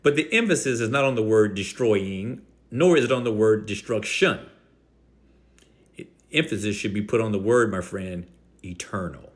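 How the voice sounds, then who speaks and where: A man hosting a Christian video, rebutting an opponent directly in a combative voice and stressing key words slowly. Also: on the low side. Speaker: Christian apologetics video host.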